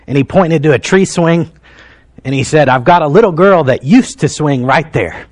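Heartfelt male pastor, higher voice. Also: animated, normal speed. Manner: heartfelt, emotional storytelling with quiet drops and rising emphasis. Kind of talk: sermon.

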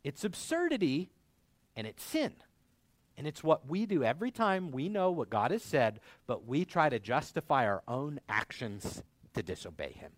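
A man preaching a sermon in an animated way, acting out the dialogue of biblical figures in different voices. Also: medium pitch, normal speed, no room sound. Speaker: pastor.

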